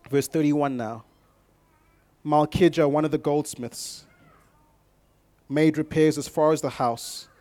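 A man preaching a sermon to his congregation, moving from calm scripture reading to loud, emphatic exhortation and speaking directly to the people in front of him. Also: on the high side, no room sound. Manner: addresses the congregation directly with audience prompts. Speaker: pastor.

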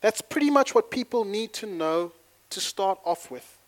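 A man preaching to his congregation, playful and chatty, then building to fervent shouting. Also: high-pitched, lively intonation, moderate pace. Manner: playful, leads the congregation in call-and-response. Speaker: pastor. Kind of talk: sermon.

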